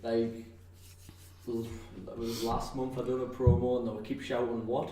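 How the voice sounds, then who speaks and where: Guesting on a podcast, this male wrestler from England's North East talks in a loose, rambling way, full of fillers, restarts and frequent laughter. His voice sits mid-range and dark, delivered in a monotone at normal speed. Audio is echoey, picked up by a distant mic with a little noise.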